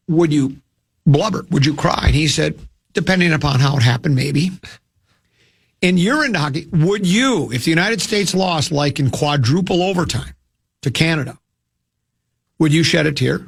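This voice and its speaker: A man's voice: a little high, vocal fry, breathy edge. A man hosting a sports radio show, rambling and joking in casual studio chat, restarting his sentences often. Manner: rambling, jokey, full of restarts.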